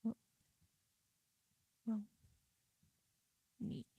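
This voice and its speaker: A woman's voice: extremely slow, no room sound, narrow, tinny audio. A woman streaming a game, giving casual, playful commentary and talking to herself.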